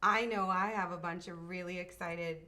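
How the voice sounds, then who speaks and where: A woman's voice: on the low side, fairly even intonation, moderate pace, bright, forceful tone. A woman from Maine hosting a nail art livestream, chatting in a bubbly, enthusiastic way. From Portland, Maine. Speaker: show host. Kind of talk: casual livestream chat.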